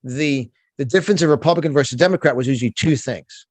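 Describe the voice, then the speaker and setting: Fast-talking and mid-range in pitch, a middle-aged man with a New York accent is heard on a dry recording. A motivational speaker and business coach, he guests in a passionate conversational interview, emphatic and fired up, often restarting what he says.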